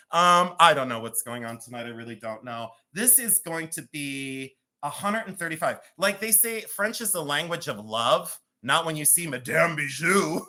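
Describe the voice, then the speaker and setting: A man's voice: on the high side, expressive, moderate pace, sharp tone. A man in his fifties with a Cleveland accent, chatting and joking as he sells jewelry on a live stream, rambling and laughing often. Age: 50s. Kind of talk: chatty live-sale banter.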